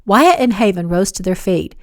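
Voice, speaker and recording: A woman reading her novel aloud as audiobook narration, evenly and measured. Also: mid-range voice, animated, no room sound, clean studio sound.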